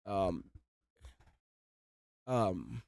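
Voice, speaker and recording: A man's voice: low voice, sing-song, drawn-out words, vocal fry, darkish tone, no echo, studio quality. A man, hosting a casual livestream, rambling, swearing freely and breaking into laughter. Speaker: livestream host.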